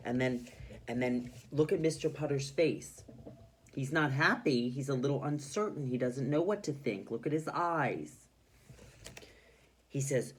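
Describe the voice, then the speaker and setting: A male teacher giving an expressive reading lesson to children, explaining how to voice story characters. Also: mid-range voice, a little slow, slight background noise.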